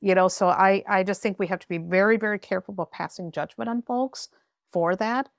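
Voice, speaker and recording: A woman's voice: medium pitch, a little fast, gravelly, no room sound, clean studio sound. A woman tarot reader talking bluntly and emphatically, giving frank advice in a podcast conversation. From rural area.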